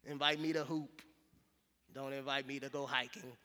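A male pastor preaching a sermon in a relaxed, conversational, storytelling way, with casual slang. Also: mid-range voice, normal speed, in a large hall. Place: church sanctuary.

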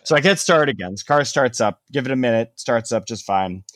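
A man's voice: mid-range voice, animated, fairly quick, dry recording, clean studio sound. A young man telling a long story in casual chat, rambling with lots of "like" and casual swearing.

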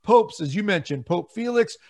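Earnest guy on a catholic talk show, kinda high voice, preachy, stumbles over words a bit. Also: animated, moderate pace, darkish tone. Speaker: guest, Catholic ministry leader. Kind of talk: casual talk show discussion.

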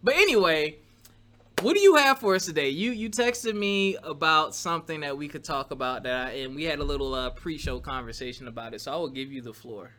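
An upbeat man hosts a casual podcast, his voice set a little high and ringing bright. He chats loosely and cheerfully with his guest and listeners. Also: a little fast, slight background noise. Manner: lively, upbeat, chatty with laughs. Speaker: podcast host.

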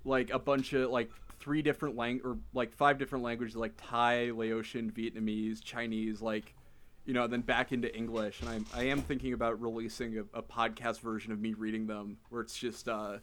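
Halting young man reading posts. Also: medium pitch, level tone, a bit bright. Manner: halting, many fillers and restarts. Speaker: podcast host. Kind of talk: casual podcast chat, reading online posts.

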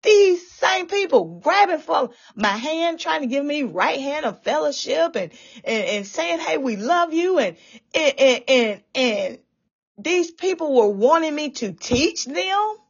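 Sitting high with big pitch swings, this woman's unhurried voice carries a passionate, often tearful testimony of faith about a dream. She repeats herself frequently, and the audio is dull and lo-fi.

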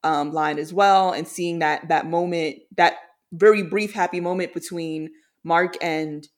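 Podcast co-host, medium pitch, halting and emotional, heavy on fillers. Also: steady tone. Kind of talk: casual discussion of a TV series.

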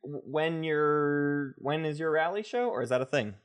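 A man's voice: on the high side, normal speed, smooth. A man hosting a podcast, chatting casually with a guest in a playful, teasing way. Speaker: podcast host. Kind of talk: casual chat. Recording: faint music bed under the outro.

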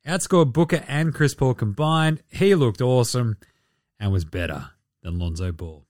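A man's voice: medium pitch, normal speed, a little mellow, dry recording, clean studio sound. A man hosting a casual sports podcast, swearing freely and mocking players with sarcastic impressions. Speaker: podcast host.

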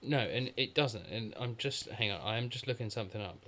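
A man's voice: on the low side, lively intonation, a little fast, sharp tone. A man co-hosting a film review podcast, talking in an analytical, rambling way. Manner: analytical, rambling with many "like" fillers. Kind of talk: casual film review chat.

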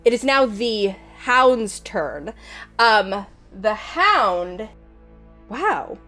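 A woman runs a tabletop game in an easygoing way. She fills her narration with fillers and quick giggles. Her voice is recorded on a home mic, with soft music playing in the background. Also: a little high, sing-song. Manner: casual, giggly, lots of fillers. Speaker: game master.

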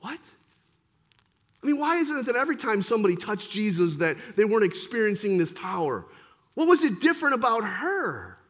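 A man preaching a sermon as pastor, swinging between forceful emphasis and quiet intensity. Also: sits high, very animated, brisk.

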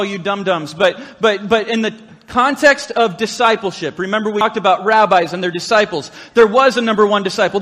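A man's voice: high voice, fairly bright tone, big-room sound. A man preaching as a pastor, chatty and joking, slipping into playful voices for the people in the story. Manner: casual, joking asides and playful quoted voices. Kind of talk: sermon.

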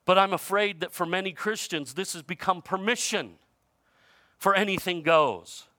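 Preaching in a chatty style with loose grammar, this male pastor moves between loud, emphatic moments and quiet ones. His voice sits high at a moderate pace, and there's no echo.

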